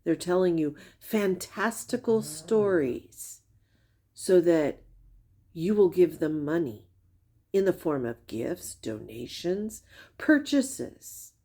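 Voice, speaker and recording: A woman's voice: lowish voice, very animated, takes it slowly, warm tone. A woman giving critical commentary over clips, blunt and accusing, with pointed repeated questions. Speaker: commentary creator.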